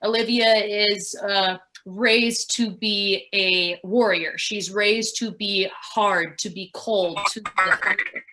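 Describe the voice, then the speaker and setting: A woman talks through her craft in a loose, reflective interview, circling her points with plenty of fillers. Her voice is bright and forceful, sitting at a middle pitch. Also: steady tone, slow pace. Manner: rambling, filler-heavy, reflective. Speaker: actress. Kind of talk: casual interview answers.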